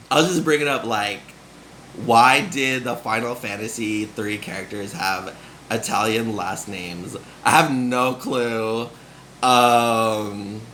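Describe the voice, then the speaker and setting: Fairly low in pitch and sharp in tone, the young man's voice carries a little hiss or hum. He grew up in Nevada and talks casually and aimlessly, full of fillers and frequent laughs.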